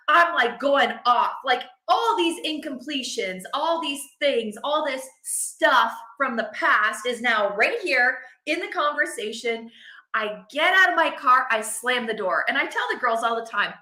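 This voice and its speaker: A middle-aged woman telling a personal story to camera, animated and acting out her own quotes. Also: sits high, unhurried, reverberant. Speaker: vlogger, mother.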